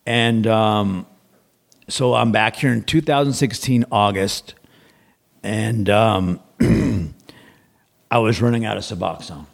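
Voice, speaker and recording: A man's voice: fairly low pitch, slow pace, vocal fry, pauses often. A man guest on a podcast, telling a long story in a rambling, casual way, acting out what people said and swearing freely.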